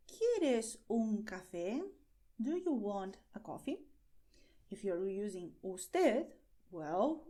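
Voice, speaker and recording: A woman with a Spanish accent teaches an online language lesson, unhurried and patient. Her tone is mellow and warm, and her pitch rises and falls a lot as she says model phrases slowly and checks in with "okay?". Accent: Spanish, from Spain. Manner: patient explanations, slow careful model phrases, frequent "okay?".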